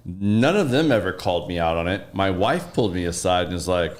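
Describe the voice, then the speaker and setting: A man telling anecdotes in an animated, casual way during a podcast conversation. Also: low-pitched, a little fast.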